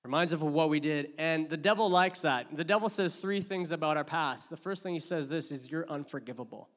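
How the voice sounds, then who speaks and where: A man's voice: on the high side, fairly quick. Dramatic preacher man in a reverberant hall. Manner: dramatic storytelling, swings from loud to hushed. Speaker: pastor. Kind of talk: sermon.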